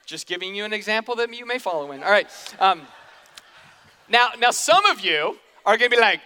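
A man's voice: high-pitched, sing-song, brisk, bright, forceful tone. A man preaching a sermon in a casual, joking way, slipping into quoted voices, in a church hall. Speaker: pastor. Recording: long hall reverb.

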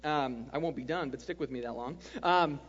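A man preaching a sermon as pastor, animated and joking, often checking in with the congregation. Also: mid-range voice, moderate pace, slight background noise. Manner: animated, joking, keeps asking "right?". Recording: dull lo-fi sound, long hall reverb.

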